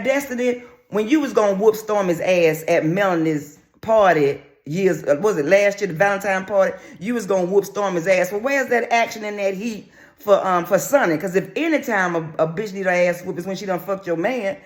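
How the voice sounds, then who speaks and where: A man's voice: high voice, moderate pace. A man giving sassy, brash, crude gossip commentary on a reality show in a casual vlog.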